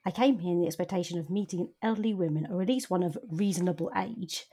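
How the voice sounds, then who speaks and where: A woman reading aloud as a curt, blunt Regency gentleman. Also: on the low side, fast, slightly rough.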